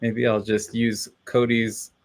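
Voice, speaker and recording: This live streamer rambles in casual chat, encouraging himself and laughing frequently. He speaks slowly in a mid-range voice with a level tone.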